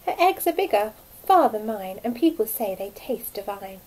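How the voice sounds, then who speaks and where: A woman's voice: a little high, big pitch swings, moderate pace, a little mellow, a little hiss or hum, low-quality recording. A sly fat red hen, as a woman puts her on. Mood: coaxing.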